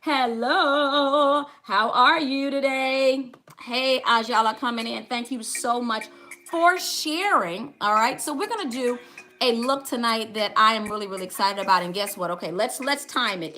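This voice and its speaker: A woman's voice: fairly high pitch, normal speed, pushed and bright. A middle-aged woman hosting a casual live makeup tutorial, chatty, greeting viewers by name and calling out to "y'all". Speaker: makeup livestream host.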